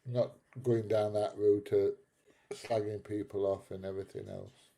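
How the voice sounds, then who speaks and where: A man's voice: on the low side, little pitch movement, a little slow, dark tone. A middle-aged British man hosting a live stream, chatting casually through viewer comments, laughing often and calling people mate. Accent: British English.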